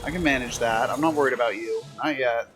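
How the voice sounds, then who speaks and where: A man's voice: mid-range voice, quick pace, over music. A man streaming a game from his room, talking to the screen in a sassy, teasing way. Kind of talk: casual gameplay commentary.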